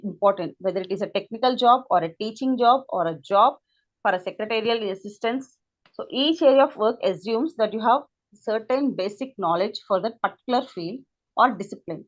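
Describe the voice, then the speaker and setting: A woman with an Indian English accent teaching an online class, explaining at length and often checking that students follow. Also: mid-range voice. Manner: explanatory, repetitive, asks students to confirm. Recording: lo-fi online call audio.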